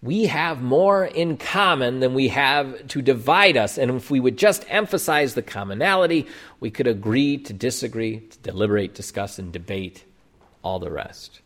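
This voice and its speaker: A male pastor delivers a sermon, his voice moving with lively rises and falls in pitch. He explains his points emphatically, stressing key words and posing rhetorical questions to the congregation. His voice sits at a middle pitch for a man. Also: moderate pace. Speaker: Lutheran pastor.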